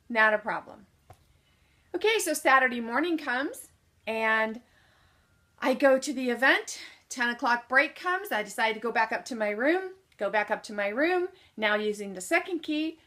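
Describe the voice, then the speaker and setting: Bright animated woman telling a story. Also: on the high side. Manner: animated storyteller who acts out what people said; asks the audience questions and answers them herself. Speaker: motivational speaker. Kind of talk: personal storytelling talk.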